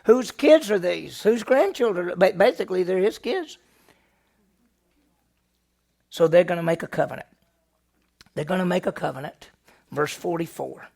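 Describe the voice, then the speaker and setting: Gravelly, animated male pastor teaching. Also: sits high, moderate pace. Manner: animated retelling with rhetorical questions. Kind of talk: Bible study lesson.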